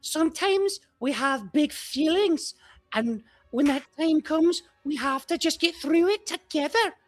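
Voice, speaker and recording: A shrill, eager young orc boy. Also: unhurried, soft background music. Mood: eager, excited. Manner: shrill, excited.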